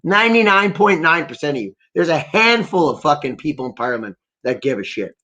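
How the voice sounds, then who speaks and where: A man's voice: fairly high pitch, very animated, brisk, pushed and bright. A man from Ontario, hosting a livestream and ranting with constant swearing and rambling asides. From Ontario, Canada. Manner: angry, profanity-laden, rambling. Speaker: livestream host. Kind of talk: profane ranting commentary.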